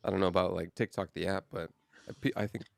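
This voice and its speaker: A man's voice: deep voice, little pitch movement, quick pace, creaky, no echo. A young man in his twenties co-hosting a podcast, rambling in a laid-back way with lots of "dude" and "like". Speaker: podcast co-host. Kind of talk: casual chat.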